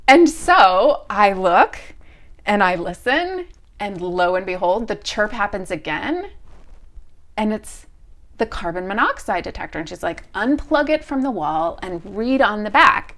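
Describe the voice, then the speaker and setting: A middle-aged woman hosting a podcast, telling a story in an animated way and acting out both sides of a conversation. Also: mid-range voice. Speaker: podcast host. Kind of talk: storytelling monologue.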